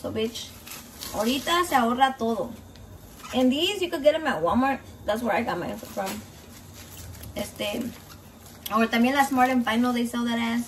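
High-voiced, foul-mouthed woman. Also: moderate pace, pauses often, a little hiss or hum. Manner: crude, profane, animated storytelling. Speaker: home cook filming a recipe video. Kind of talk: casual cooking vlog chat. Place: home kitchen.

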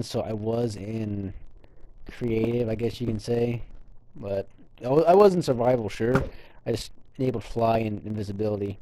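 A man's voice: on the low side, warm tone, slight background noise. A young man hosting his own gaming channel, talking over gameplay footage in a frustrated, apologetic, rambling way with many restarts.

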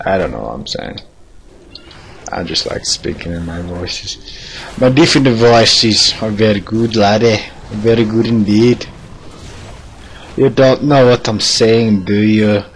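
A man putting on an odd foreign-sounding character voice with slow, broken, theatrical phrasing. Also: low voice, animated, vocal fry, a bit bright, a little hiss or hum, full character voice. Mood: playful.

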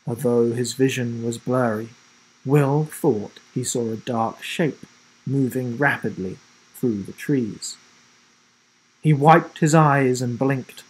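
A man's voice: medium pitch, takes it slowly, darkish tone, slightly rough, poor audio. A man reading a children's storybook aloud dramatically, his voice rising with the suspense.

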